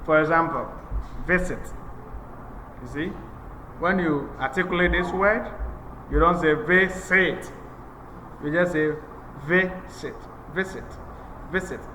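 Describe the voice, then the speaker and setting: A man teaching English grammar in a slow, methodical lecture, repeating each point for emphasis. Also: on the high side, bright, forceful tone, a little hiss or hum. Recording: echoey room with long reverb.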